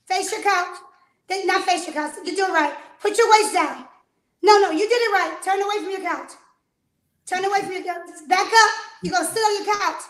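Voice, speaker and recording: A woman's voice: extremely high pitch, reverberant. A woman fitness trainer, out of breath, energetically coaching a live workout, counting reps and calling out commands.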